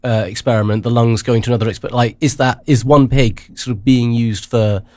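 A man hosting a casual news chat, rambling with many halting restarts. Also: medium pitch, fairly even intonation, darkish tone, no echo. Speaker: radio show host.

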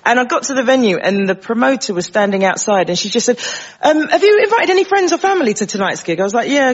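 A man, a comedian, telling a wry, self-deprecating anecdote on a panel show. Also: high voice. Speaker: comedian guest. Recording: lo-fi broadcast with faint audience.

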